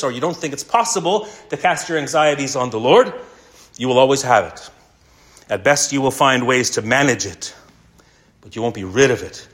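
A man preaching a sermon earnestly, slowing down and repeating key lines for emphasis. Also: medium pitch, fairly bright tone. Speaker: pastor.

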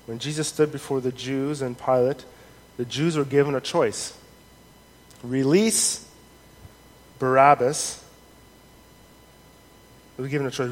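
A man preaching a sermon in an earnest, measured way, reading scripture aloud with rising emphasis. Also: mid-range voice. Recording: long hall reverb, faint noise.

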